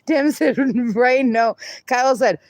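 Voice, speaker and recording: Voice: medium pitch, takes it slowly, no echo, studio quality. A livestreamer in casual chat who reads viewer comments aloud and laughs often.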